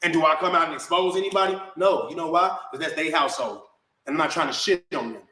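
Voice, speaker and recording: A man's voice: a little high, quick pace, pushed and bright, roomy sound. A man venting in a heated rant to the camera, indignant and repetitive, calling his viewers bro. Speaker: vlogger.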